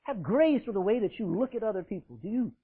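A man preaching a sermon to a congregation, emphatic and forceful, joking with the listeners in between. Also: high voice, animated, fast, slightly rough. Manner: forceful, emphatic preaching with sudden loud bursts and dramatic drops; laughs often, jokes with the congregation. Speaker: pastor. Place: church, live congregation. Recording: tinny phone-like sound.

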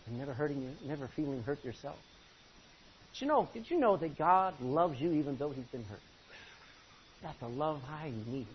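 A male pastor preaching a sermon from the front of a church, impassioned, swinging from loud pleading to low intensity. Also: very animated, moderate pace, long pauses. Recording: dull lo-fi recording with faint hiss.

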